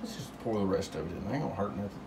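A man's voice: lowish voice, lively intonation, very fast, gravelly, background noise. A man hosting a casual home cocktail demonstration, rambling and joking in drawled asides, recorded in a home kitchen. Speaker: home cocktail show host.

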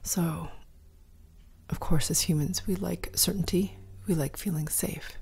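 A woman guiding a meditation in a soft, slow, often whispered voice. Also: lowish voice, fairly even intonation, vocal fry, husky. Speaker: meditation guide. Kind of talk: guided meditation.

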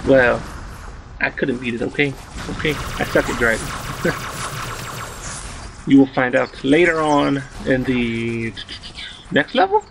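A man in his twenties rambling through a story while commenting on his gameplay, excitable and swearing freely. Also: mid-range voice, slow, gravelly, long pauses, noisy background. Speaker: let's play host.

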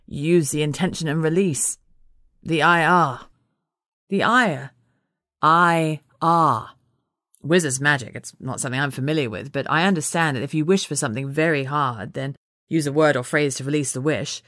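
A woman's voice: normal speed, dry recording, studio quality. A woman narrator voicing a blunt, matter-of-fact male werewolf who explains things abruptly. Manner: abrupt, low, explaining flatly.

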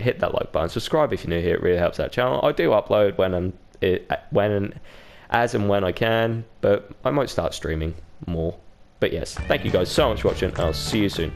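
In a lowish, expressive voice with vocal fry, a man briskly commentates his gameplay. He's a gaming YouTuber with a laid-back style who swears a lot and imitates others. Background noise is noticeable.

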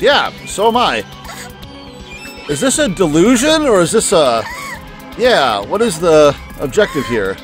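Let's-play host, man; wry, incredulous commentary, animated pitch, soft music bed. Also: unhurried, pauses often. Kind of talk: casual game commentary.

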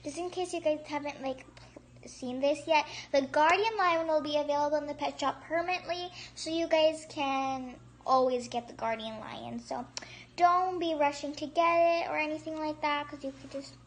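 A woman hosting a casual gameplay commentary, excitable and chatty, gasping and squealing at surprises and rambling with restarts. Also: sits high, moderate pace. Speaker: gaming channel host.

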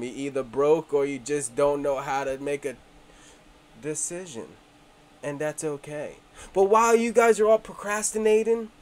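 A man hosting a crypto video, casual and brash, joking and teasing his viewers, dropping to mumbles and then bursting out loudly. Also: high voice. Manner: joking, brash and swaggering, swings between mumbling and shouting. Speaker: crypto channel host. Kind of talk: casual hyped promo talk.

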